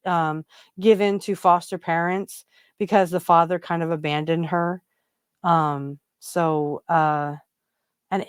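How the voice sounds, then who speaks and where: A woman's voice: lowish voice, smooth, no room sound, clean studio sound. A woman hosting a casual podcast about spiritual practice, rambling with many fillers and restarts. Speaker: podcast host.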